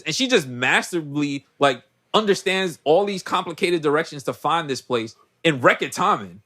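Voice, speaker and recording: A man's voice: fairly high pitch, animated, normal speed, few pauses, sharp tone. A young man casually recapping a movie on a podcast, acting out the characters and laughing as he goes. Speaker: podcast host.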